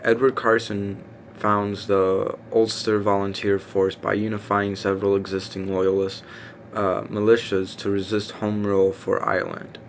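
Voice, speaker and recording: A man reading a list aloud in a casual, halting way, stumbling over names with fillers and self-corrections. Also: lowish voice, monotone. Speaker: reader. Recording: faint background noise.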